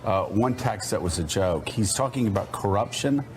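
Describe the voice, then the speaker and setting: A man hosting a morning news show, laying out an argument in a measured, pointed way. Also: fairly low pitch, lively intonation, a little mellow, soft background music. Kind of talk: television news commentary.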